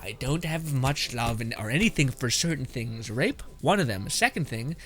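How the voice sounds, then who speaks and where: A man's voice: mid-range voice, animated, normal speed, fairly bright tone. A man streaming his reactions to memes in a casual, blunt, swear-filled way, laughing often. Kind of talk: casual commentary.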